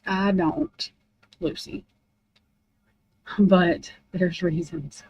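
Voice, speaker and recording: A woman's voice: lowish voice, steady tone, drawn-out words, a little mellow, slightly rough, dry recording, dull audio. A woman in a casual, rambling rant about true crime, blunt and heavy on profanity.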